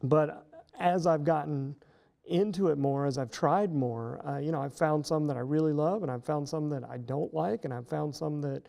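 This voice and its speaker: Gravelly-voiced man explaining beer styles. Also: on the high side, moderate pace, dark tone. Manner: explanatory, many fillers and restarts. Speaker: professor guest. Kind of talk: casual interview talk.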